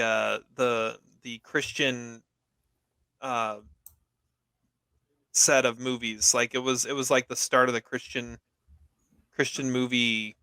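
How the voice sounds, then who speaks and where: Smooth-voiced easygoing man, dry sound. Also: medium pitch, sharp tone, no echo. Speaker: podcast co-host. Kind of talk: casual movie review chat.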